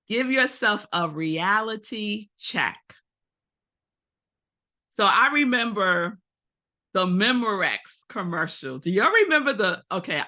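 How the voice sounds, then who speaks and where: A woman in her forties, a minister giving a Sunday sermon, telling stories and speaking directly to her congregation. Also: mid-range voice. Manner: animated storytelling, addresses congregation directly. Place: spiritual center service.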